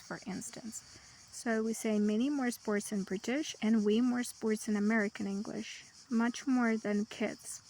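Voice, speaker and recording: Woman English tutor, unhurried, gravelly fry, light hiss behind. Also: medium pitch, a little mellow, low-quality recording. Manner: slow, listing word pairs with pauses. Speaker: English teacher. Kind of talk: vocabulary lesson.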